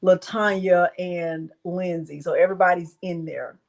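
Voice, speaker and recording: A woman's voice: on the low side, steady tone, a little slow, vocal fry, rough recording. A woman hosting a casual crafting live stream from home, chatting with viewers and her dog.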